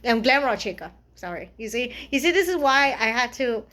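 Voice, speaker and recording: A woman's voice: on the high side, lively intonation, brisk, pushed and bright. A young woman vlogger chatting casually about a film she saw. She rambles, swears freely and laughs often. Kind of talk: casual chat.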